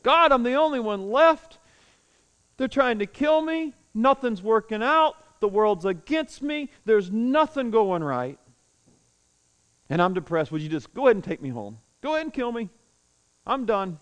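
A man's voice: very high voice, lively intonation, a little slow, fairly bright tone, smooth, big-room sound, pitched above the performer's own voice, heavily acted. A man voicing a whiny, self-pitying male prophet who complains and pleads.

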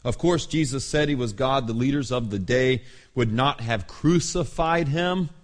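A middle-aged male pastor preaching a sermon, telling the story with dramatic pauses and laughter. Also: mid-range voice.

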